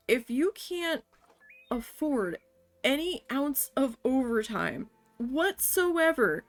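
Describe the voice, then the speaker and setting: Profane, animated woman telling a story. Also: fairly high pitch. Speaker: streamer. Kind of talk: casual storytelling while gaming.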